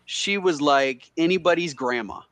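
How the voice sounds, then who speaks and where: A man's voice: a little high, normal speed, a bit bright, no echo. A man on a live stream video call, chatting casually and encouragingly, often tagging his points with "right?".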